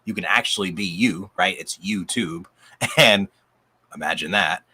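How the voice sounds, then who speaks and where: Man, deep pitch, bright forceful tone, voice going out, enthusiastic, video call chat. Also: measured pace, slight background noise. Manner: upbeat, enthusiastic, rambling with restarts. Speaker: coach, channel guest.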